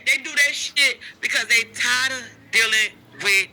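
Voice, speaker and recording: Very high, bright ranting man. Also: normal speed, soft background music, low-quality recording. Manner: ranting, profane. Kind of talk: casual chat.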